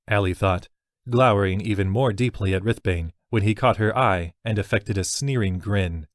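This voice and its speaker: Low voiced guy reading a fantasy audiobook, super dry sound. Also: normal speed, no room sound. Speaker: audiobook narrator. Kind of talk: scripted fantasy narration.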